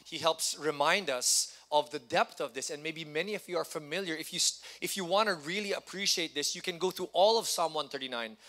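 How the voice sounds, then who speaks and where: A middle-aged man delivers a church sermon. His voice is bright and slightly high. He keeps it conversational and talks directly with the congregation. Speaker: pastor. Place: church hall.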